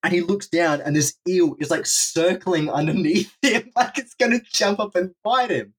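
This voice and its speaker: A husky-voiced young man spins a rambling adventure tale on a podcast. He talks in an animated, casual way, swears freely and often breaks into laughter. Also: high voice, normal speed. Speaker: podcast guest, urban explorer. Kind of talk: casual storytelling.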